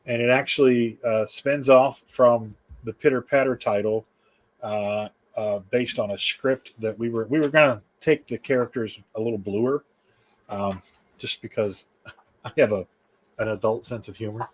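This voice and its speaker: A man's voice: mid-range voice, a little slow. A man who makes indie comics, chatting as a guest in an easygoing way with many fillers. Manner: easygoing, filler-heavy, relaxed. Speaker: indie comic book creator. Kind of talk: casual chat as guest.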